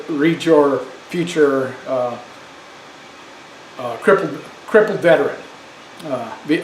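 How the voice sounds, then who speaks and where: Older man rambling through a story. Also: fairly high pitch. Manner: rambling, many fillers and restarts. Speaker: vlogger. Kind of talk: casual storytelling monologue. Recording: roomy echo with faint background noise.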